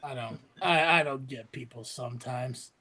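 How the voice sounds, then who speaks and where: A man's voice: medium pitch, moderate pace, pushed and bright. A man co-hosting a wrestling podcast in casual chat, ranting and swearing a lot as he mocks people in quoted voices. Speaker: podcast co-host.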